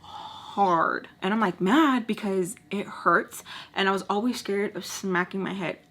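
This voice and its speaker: Young woman, husky breathy tone, casual makeup storytime, chatty with "like" fillers, middling pitch. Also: unhurried. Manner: chatty, lots of "like" fillers, acts out quotes in lively bursts. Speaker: storytime vlogger.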